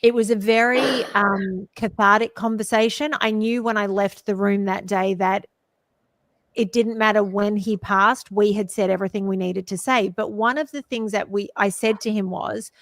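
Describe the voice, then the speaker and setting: A woman's voice: medium pitch, fairly even intonation, moderate pace, no room sound. A woman co-hosting a podcast, telling a personal story in an earnest, heartfelt way. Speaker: podcast co-host. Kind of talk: conversational podcast talk.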